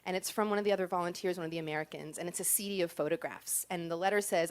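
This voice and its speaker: A woman's voice: fairly low pitch, fairly even intonation, racing, hardly any pauses. A woman performing a comic personal story in a chatty, self-deprecating way, timing her punchlines.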